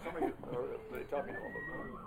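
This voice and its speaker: A man's voice: fairly high pitch, huge pitch swings, racing, vocal fry, very noisy. An older man from Oregon, a poet performing rambling, profane, theatrical verse and talk over live guitar. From Oregon, United States. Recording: live guitar playing behind. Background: live guitar playing.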